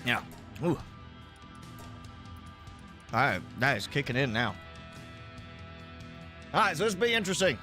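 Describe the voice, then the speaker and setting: Bright-voiced male gaming streamer. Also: medium pitch, big pitch swings, a little slow, long pauses, soft background music. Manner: rambling, eating while talking. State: coughing, sinuses clearing from spicy food. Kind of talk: casual live-stream chat.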